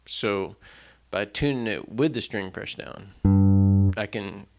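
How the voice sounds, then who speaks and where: A man's voice: lowish voice, takes it slowly, darkish tone, soft background music. A man, a singer-songwriter, talking casually between songs in a rambling, self-deprecating way, full of fillers and restarts, at a stand mic in a small home stage setup. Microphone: stand mic in front.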